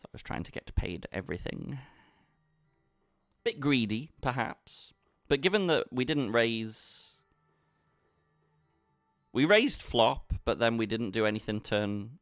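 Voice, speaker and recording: Gravelly, lively man streaming poker. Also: medium pitch, measured pace, long pauses, dry recording, studio quality. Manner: chatty, addresses chat directly, banter. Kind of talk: casual live-stream commentary.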